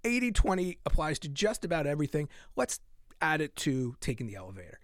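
Animated middle-aged man, dry close sound. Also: fairly high pitch, fairly quick, no echo. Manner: animated, laughs often, drops to soft asides. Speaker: fitness podcast host. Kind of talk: casual solo podcast monologue.

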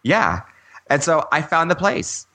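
A man's voice: on the high side, big pitch swings, measured pace, bright, forceful tone. A man co-hosting a gaming podcast in casual chat, rambling with fillers and laughing often. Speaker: podcast co-host.

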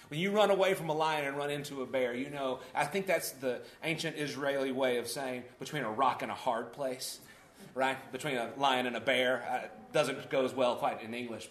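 A man's voice: medium pitch, roomy sound. A man preaching a conversational sermon, voicing the prophets' words with rising energy.

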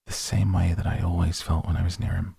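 A man reading a novel aloud in first person, slow, even and deliberate. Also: sits low, vocal fry, husky, no room sound, studio quality. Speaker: audiobook reader.

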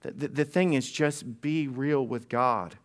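Unhurried and medium in pitch, a man preaches a sermon in a conversational style. He tells humorous stories, often restarting sentences and repeating words.

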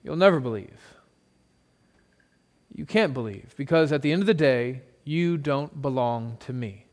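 A pastor preaching a sermon, retelling a scene in vivid second person with dramatic pauses. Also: male voice, mid-range voice, animated.

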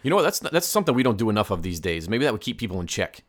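A man's voice: on the low side, very animated, racing. A man co-hosting a casual podcast who chimes in with short wisecracks. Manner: wisecracking sidekick, short quips. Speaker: podcast co-host.

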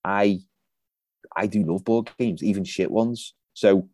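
A man's voice: on the low side, takes it slowly, warm tone, no room sound. A man in his thirties co-hosting a podcast in a laid-back, joking way, trailing off and restarting his sentences. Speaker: podcast co-host. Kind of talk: casual chat.

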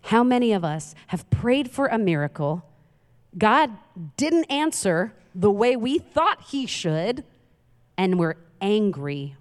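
A woman preaching a sermon, retelling a Bible story in a conversational, animated way with casual asides. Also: lowish voice. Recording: long hall reverb.

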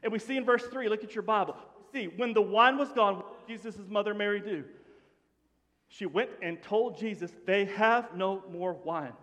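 A man preaching a sermon to his congregation in an animated, conversational way, often dropping to a hush. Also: high voice, a little fast. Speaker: pastor. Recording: long hall reverb.

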